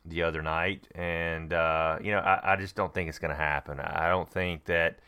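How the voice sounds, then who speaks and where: Middle-aged man, casual podcast chat, very low pitch, bright crisp voice, emphatic and enthusiastic. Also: steady tone, moderate pace. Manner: emphatic, enthusiastic, many restarts. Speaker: podcast co-host. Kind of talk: casual wrestling prediction chat.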